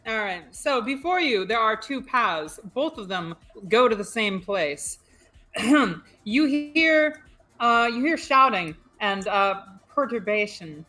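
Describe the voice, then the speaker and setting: A woman narrating as game master in an animated, chatty way. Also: fairly high pitch, slow, soft background music.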